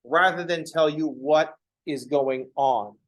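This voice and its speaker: A man giving a math lecture in an offhand, irreverent manner, dropping swear words and slipping into short acted exchanges. His voice sits a bit high for a man. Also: slow, rough recording. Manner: casual, profane, acts out dialogues. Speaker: math instructor. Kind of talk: informal lecture.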